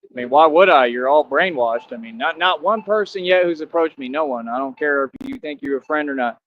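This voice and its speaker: A man's voice: fairly high pitch, lively intonation, fairly quick, a little hiss or hum. Man streamer, rambling and defiant, lo-fi dull sound. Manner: defiant, preachy, repetitive. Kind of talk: rambling monologue to viewers.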